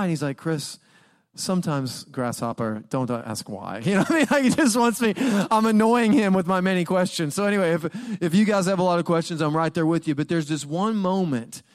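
Smooth, higher-pitched joking young preacher. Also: male voice. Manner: conversational, jokey storytelling with frequent laughs. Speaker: guest preacher. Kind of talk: sermon.

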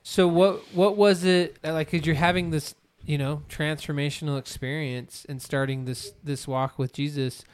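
A man co-hosting a podcast, asking a thoughtful, halting question. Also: on the high side, fairly even intonation, smooth. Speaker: podcast co-host. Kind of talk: interview questions.

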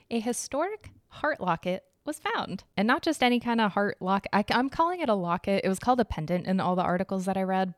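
A woman's voice: mid-range voice, no room sound, clean studio sound. A young woman hosting a casual solo podcast, chatty and enthusiastic, giggling and correcting herself as she goes. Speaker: podcast host.

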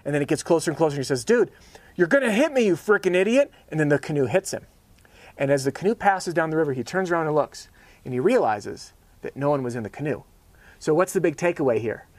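A man hosting a sales training show, giving an energetic, casual motivational talk. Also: a little high, fast talker, dry recording.

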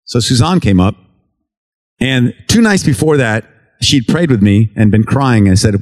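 A man's voice: mid-range voice, lively intonation, moderate pace, darkish tone. A man from the United States, a relief worker giving a mission report to a church, telling stories in an earnest, conversational testimony style and acting out what people said. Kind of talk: storytelling testimony talk.

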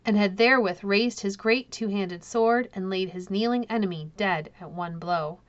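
A woman narrating a classic children's novel in a calm, measured reading. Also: mid-range voice, muffled recording. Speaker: audiobook narrator. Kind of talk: storybook narration.

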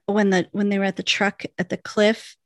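A woman co-hosting a casual podcast, retelling TV scenes in a lively way and acting out the characters' lines. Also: mid-range voice, normal speed, no echo, studio quality. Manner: animated storyteller, acts out lines in the retelling. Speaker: podcast co-host. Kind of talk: casual chat.

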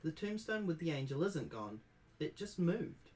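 A man hosting a podcast, reading a spooky gamebook aloud in a playful, animated storytelling manner. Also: fairly high pitch, normal speed. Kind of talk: casual reading and chat.

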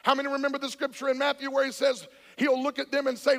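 A man preaching a charismatic sermon, shouting and calling on the congregation to answer back. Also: extremely high pitch, monotone, quick pace, hardly any pauses. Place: church sanctuary. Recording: church hall with long reverb.

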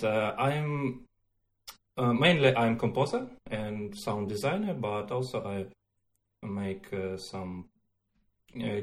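A man, a guest game developer speaking halting on a casual podcast. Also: on the low side. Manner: halting non-native English.

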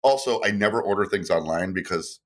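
A man co-hosting a casual podcast, telling stories in a rambling, animated way with lots of fillers and laughs. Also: low voice, a little fast. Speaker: podcast co-host.

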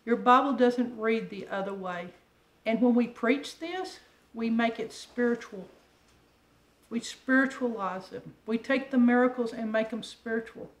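Brief: woman preacher, animated and chatty, rhetorical questions, reverberant church sound. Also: a little high, a little slow. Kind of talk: sermon. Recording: echoey room with faint ambient noise.

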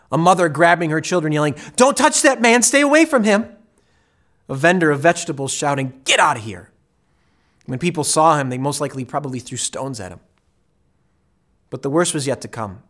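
A man preaching as pastor, retelling a story with vivid dramatic delivery and sudden swings from quiet to loud. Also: fairly high pitch. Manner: dramatic storytelling, acting out voices with big swings in loudness. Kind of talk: sermon.

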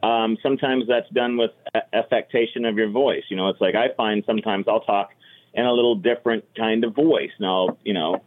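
Veteran comic on a phone line. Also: male voice, lowish voice, steady tone, brisk. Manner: earnest, explanatory, repeats "you know". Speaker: stand-up comic and voice impressionist. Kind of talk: casual podcast advice.

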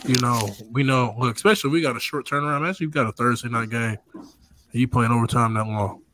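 A man co-hosting a casual sports podcast, animated and peppering his talk with "bro". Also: mid-range voice, fast, noisy background. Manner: animated, says bro often. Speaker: podcast co-host.

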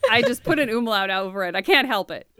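An American woman hosting a podcast, telling facts in a casual, jokey way with quick asides. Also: medium pitch, dry recording, clean studio sound. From United States. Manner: animated, jokey storytelling with asides. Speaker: podcast host.

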